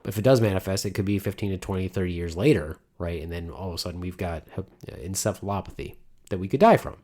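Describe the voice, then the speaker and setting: Deep-voiced man in rambling podcast chat. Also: fast talker, a little mellow. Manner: rambling, enthusiastic, self-interrupting. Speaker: podcast co-host. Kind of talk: casual chat.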